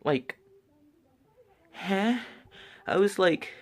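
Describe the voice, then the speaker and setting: A man giving a casual anime review, retelling the plot in an excited, rambling way with many restarts. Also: high-pitched, very slow, faint music behind.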